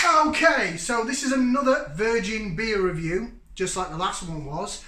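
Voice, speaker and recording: A man's voice: sits high, unhurried, pushed and bright, roomy sound, a little hiss or hum. A man in his forties from Yorkshire, hosting a casual beer review vlog in a chatty, jokey, upbeat way. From Yorkshire, England. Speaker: beer reviewer, channel host.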